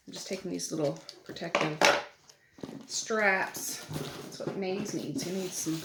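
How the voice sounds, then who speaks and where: A middle-aged woman chatting casually while she opens mail at home, with soft laughs between remarks. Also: on the low side, lively intonation, a little slow, long pauses. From Nova Scotia, Canada. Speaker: vlogger. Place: family home at night. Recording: echoey room, audible background noise.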